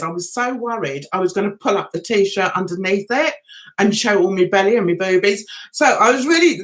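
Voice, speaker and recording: A middle-aged woman chats on her livestream in a high, bright voice. Her pitch swoops up and down as she tells the story. She giggles between lines. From England. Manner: giggly, chatty storyteller, laughs often. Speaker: livestream host. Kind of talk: casual livestream chat.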